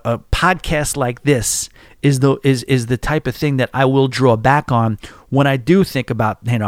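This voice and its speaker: Guy rambling on his podcast, middle pitch, dead dry close mic. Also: dry recording. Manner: chatty and self-deprecating, with restarts. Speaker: podcast host. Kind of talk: casual podcast talk, reading listener emails.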